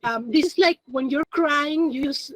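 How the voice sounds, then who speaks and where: A woman whose first language is Spanish teaches a beginner Japanese class, explaining things step by step in a chatty way and laughing often. Her high voice keeps a measured pace, and the low-quality recording has no echo.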